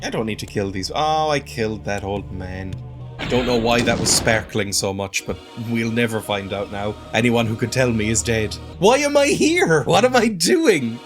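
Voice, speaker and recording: A man's voice: fairly low pitch, normal speed, music in the background. A man hosting a let's-play, chatting about the game in a wry, sarcastic way. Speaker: gameplay video host.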